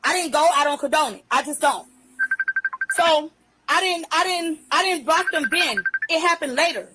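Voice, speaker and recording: On a phone livestream with a noisy background, a woman host goes on an unscripted rant that is profane and confrontational, drawing out her emphatic phrases. Her voice is high and her pace moderate.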